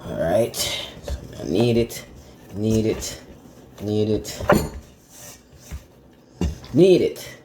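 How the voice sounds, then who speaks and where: A Jamaican man talks his way through cooking in a casual vlog, relaxed and chatty. His voice sits low and mellow, and his pace is unhurried. The kitchen sounds roomy, with a running tap and clinking dishes behind him. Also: a little hiss or hum. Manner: laid-back, chatty, laughs often. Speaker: home cook and channel host. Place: home kitchen. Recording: echoey kitchen with running water.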